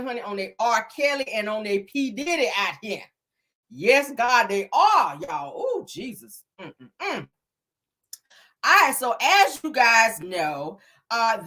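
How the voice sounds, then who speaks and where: A woman hosting a casual gossip commentary show, animated and laughing as she talks. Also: a little high. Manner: animated, laughing, sprinkles "honey" and "child". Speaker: gossip channel host.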